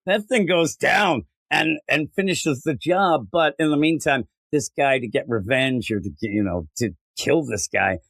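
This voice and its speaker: A middle-aged man co-hosting a casual comic book review podcast, rambling and joking, acting out characters in a higher voice. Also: unhurried, creaky, hardly any pauses, fairly bright tone, no echo. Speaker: podcast co-host.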